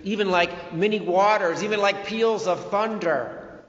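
A man preaches in a slow, measured cadence, his high voice swelling into loud declarations and sinking back to quiet phrases. The recording is dull and lo-fi, with the long reverb of an echoey church sanctuary. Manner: slow, emphatic preaching with swings between loud and soft phrases. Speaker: pastor. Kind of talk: sermon.

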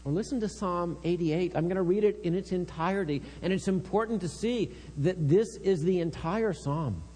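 A man's voice: high-pitched, dark tone. A man giving a sermon, reading psalms aloud with earnest intensity. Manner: slow, earnest, reads psalms with rising intensity. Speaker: preacher. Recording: long reverb with mains hum.

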